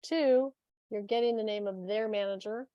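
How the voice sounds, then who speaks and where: A woman co-presenting a webinar, telling lively stories and acting out the people she quotes. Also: mid-range voice, normal speed, no room sound, muffled recording. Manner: animated storyteller, acts out the people she quotes. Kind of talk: casual webinar chat, telling anecdotes.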